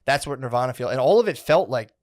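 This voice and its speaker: A man's voice: medium pitch, expressive, fast talker, a little mellow. Man, 30s, podcast co-host, rambling casual storytelling, lots of "dude". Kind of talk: casual chat.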